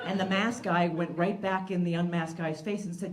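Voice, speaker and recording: A woman telling a stand-up story with wry, deadpan asides. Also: lowish voice, moderate pace. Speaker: stand-up comedian. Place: comedy stage before a live audience. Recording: live crowd laughter behind.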